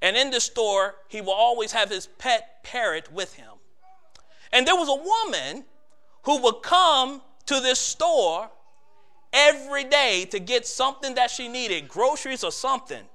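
A male preacher with a very high, bright and crisp voice delivers a sermon. He builds through repeated phrases, slowing and swelling in volume at each climax. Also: expressive. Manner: builds with repetition, slowing and getting louder at climaxes.

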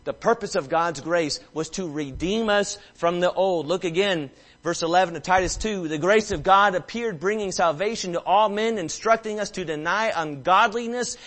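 A man preaching a sermon, telling stories dramatically and swinging between hushed passages and loud ones. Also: high-pitched, moderate pace. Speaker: pastor.

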